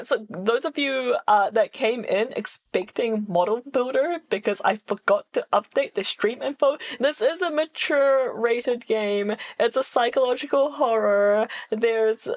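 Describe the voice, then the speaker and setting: A woman streamer chatting casually with her viewers, playful and giggling often between phrases. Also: a little high. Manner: playful, chatty, reads chat aloud.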